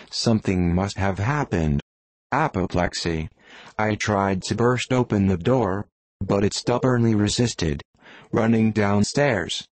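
A man narrating an audiobook in a plain, steady storytelling manner. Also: on the low side, no room sound. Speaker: volunteer reader.

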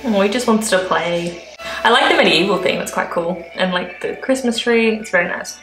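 A woman's voice: mid-range voice, moderate pace, reverberant, over music, low-quality recording. A woman with an Australian accent, a vlogger chatting and gushing as she reacts to adverts. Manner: chatty and gushing, full of "like" fillers. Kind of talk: casual reaction commentary.

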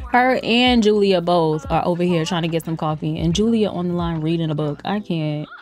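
A woman's voice: on the low side, normal speed, a little mellow. A woman giving casual, playful let's-play commentary. She talks straight to her viewers, teases the game characters and laughs often. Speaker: gameplay streamer. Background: faint lo-fi music.

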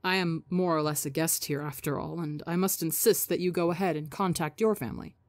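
A woman's voice: low-pitched, fairly even intonation, fairly quick, no echo, close to an everyday voice. A woman voicing a politely formal young man who is a guest, in a storybook reading. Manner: courteous, formal.

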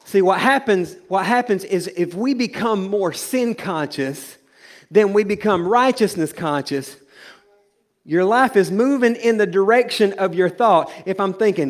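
Pastor guy preaching in church, high voice, gets loud then goes low and jokey. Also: a little slow. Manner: swings from loud preaching to low, joking asides. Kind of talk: sermon. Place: church sanctuary.

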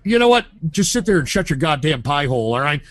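Loud, profane man ranting on prank calls. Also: fairly high pitch, very animated, fast, dry recording. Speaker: prank caller host. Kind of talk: prank phone call.

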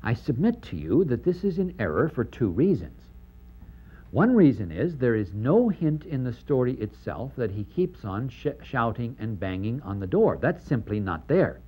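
A man with a husky, mid-range voice lectures on the New Testament parables, captured in a low-quality recording. He is animated and emphatic, posing rhetorical questions to his audience and acting out quoted speech.

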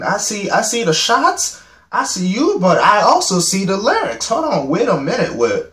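A young man with a fairly high voice and a lively, swooping delivery reacts to a music video. He rambles, pokes fun at himself and keeps urging viewers to comment. His voice rings in an echoey room. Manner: animated, rambling, self-mocking with frequent laughs. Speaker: reaction vlogger. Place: home room.

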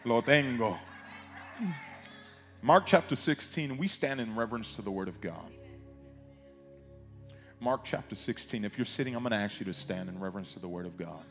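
A man preaching as a pastor, reading scripture aloud with emphatic pauses and side comments. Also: on the low side, lively intonation, a bit bright. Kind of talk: sermon. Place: church sanctuary. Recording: long reverb of a large hall, music behind.

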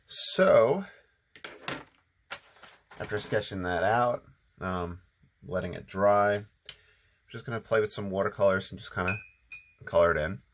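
A man hosting his own watercolor channel, talking through a painting in a relaxed, rambling way with lots of ums, still a bit sleepy. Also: low-pitched. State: sleepy, just waking up. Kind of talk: casual painting tutorial narration.

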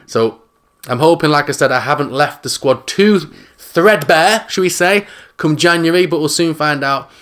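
A man giving casual, jokey commentary over his own football video game, loud and excitable at big moments. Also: mid-range voice. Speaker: gaming YouTuber.

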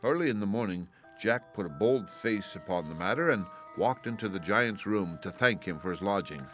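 A man reading a fairy tale aloud as an audiobook narrator, in a steady, even storytelling manner. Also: on the low side, moderate pace, faint music behind.

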